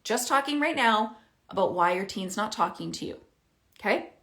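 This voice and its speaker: A middle-aged woman talking casually to camera as a parenting coach, animated and chatty, thinking out loud as she explains. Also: mid-range voice, normal speed. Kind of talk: casual direct-to-camera advice.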